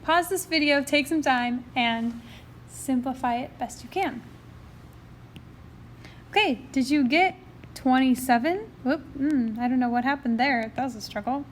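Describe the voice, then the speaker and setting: High-voiced chatty woman teaching math. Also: measured pace, a little hiss or hum. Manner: chatty and upbeat, talks through her steps. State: has the hiccups. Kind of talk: recorded lesson walkthrough.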